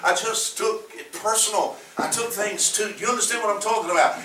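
An older pastor with a Southern US accent preaches a sermon in church, his high, slightly fast voice sounding pushed and bright. He tells rambling, folksy stories packed with fillers. The recording picks him up from a distance in an echoey room, with slight background noise.

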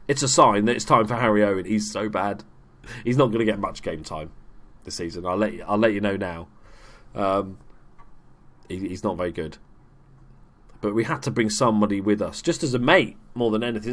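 Young male gaming YouTuber, chatty and self-deprecating, loose play-by-play. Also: on the low side. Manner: chatty, self-mocking, swears when excited. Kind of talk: casual let's play commentary.

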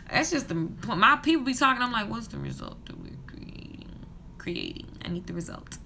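A woman in her thirties, a hair stylist and business coach, rants passionately to camera in a hotel room for a casual vlog. Her mid-range voice is bright and forceful, with a little hiss or hum in the background.

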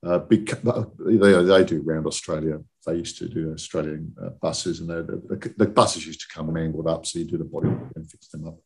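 He has a darkish bass voice with fairly even intonation, moving at a moderate pace with few pauses. A guest on a casual podcast, this 60-something industry chief executive from southern England rambles through work stories and keeps checking in with "okay?".

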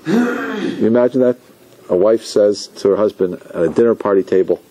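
A rabbi teaching a class, telling stories with lively acted-out quotes and asking his listeners questions. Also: fairly low pitch, moderate pace, husky, rough recording. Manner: animated storytelling, asks the audience questions, acts out quotes. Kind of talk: lecture to a class.

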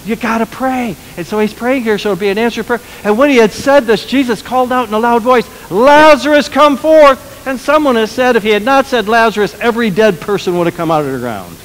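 A man pastor preaching a sermon, swinging between loud, emphatic lines and quiet, lowered ones. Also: fast talker, few pauses, low-quality recording.

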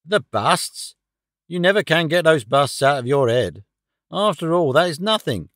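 A man voicing a brisk, self-satisfied police inspector in an audiobook. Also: fairly high pitch, lively intonation, a bit bright, dry recording. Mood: dismissive. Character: blustering confident male police inspector.

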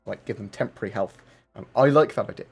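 A man with a low, husky voice, darkish tone and vocal fry talks fast while hosting a casual livestream. He reads out viewer questions and answers them in a rambling, chatty way with lots of fillers.

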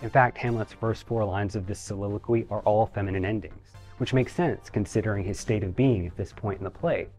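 A young man with a lowish voice narrates an acting lesson from a script. His delivery is clear and measured, with a light playful edge. Soft music plays faintly behind him. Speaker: acting coach.

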